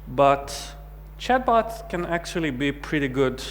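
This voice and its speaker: A man's voice: a little high, very animated, a little slow, a bit bright. A man from Israel, giving a technical talk at a conference in a light, joking way. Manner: light, joking presenter who acts out quoted chats. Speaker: conference speaker. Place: large conference hall. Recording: hall reverb with faint hum.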